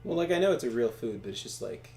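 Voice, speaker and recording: A man's voice: mid-range voice, sing-song, fast, creaky, darkish tone, soft background music. A man watching a video game being played, joking and rambling in casual chat and laughing often. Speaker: co-host watching and commenting. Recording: roomy sound with faint hum.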